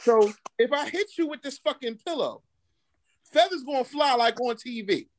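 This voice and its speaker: A woman's voice: high-pitched, expressive, normal speed, darkish tone. A woman hosting a podcast, talking in a brash, swaggering and profane casual chat. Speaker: podcast host.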